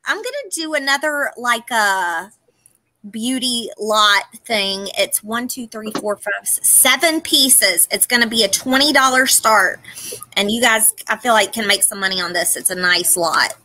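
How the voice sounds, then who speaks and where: A woman's voice: medium pitch, measured pace, sharp tone, a little hiss or hum, poor audio. A woman with a Southern US accent hosting a live-stream auction, chatting casually while she reads out and counts the items in a lot. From Southern United States. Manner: chatty, laughing, reading out product names.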